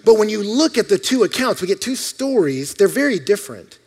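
Male pastor, high voice, lively storytelling sermon, loud-to-soft swings. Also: a little fast, slightly rough.

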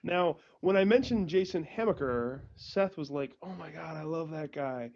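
A man's voice: on the high side, animated, no echo, lo-fi sound. A man from Pennsylvania hosting a podcast, joking and teasing his guests in casual chat. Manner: jokey, teasing, quick reactions. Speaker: podcast host.

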